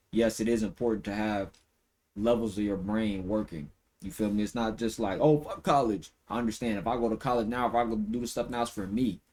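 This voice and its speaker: A man with a slightly low voice talks straight into his stream in a loose, slangy rant, swearing freely. He often breaks into high-pitched mocking impressions, and at times his voice drifts farther from the mic. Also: darkish tone. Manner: loose and profane, full of slang fillers. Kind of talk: casual reaction-stream rant.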